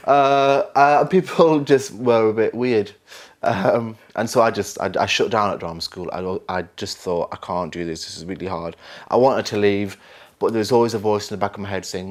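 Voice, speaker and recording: A man's voice: on the low side, normal speed. A young man with a Lancashire accent, telling stories in an unscripted interview, rambling and self-mocking. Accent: Northern English, Lancashire. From England, Burnley. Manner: rambling, self-mocking storyteller with laughs and mimicry. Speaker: actor interviewee.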